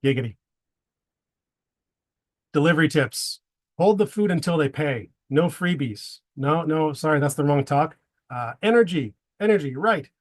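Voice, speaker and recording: A man's voice: a little high, animated, moderate pace. A man giving a prepared presentation to a men's group, slipping wry dad jokes between his tips.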